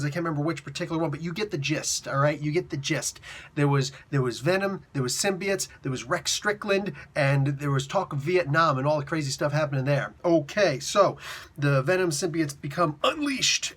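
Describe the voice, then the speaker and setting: A man in his forties reviewing a comic book in an excited, casual way, talking hyper and slangy. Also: fairly high pitch.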